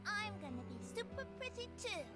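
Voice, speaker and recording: A woman voicing an eager, admiring little girl in a video game who gushes with excited questions. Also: very high voice, fairly quick, over music.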